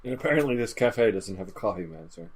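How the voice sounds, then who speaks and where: A man's voice: mid-range voice, very animated, fast talker, husky. A man playing in a tabletop role-playing game, making dry quips and laughing often. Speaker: player. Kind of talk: casual chat at the table.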